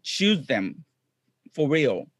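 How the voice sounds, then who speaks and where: A man being interviewed as a guest, speaking halting, non-native English with restarts and fillers. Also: medium pitch, big pitch swings, dry recording. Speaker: guest, clown comedian and improviser. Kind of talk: casual interview.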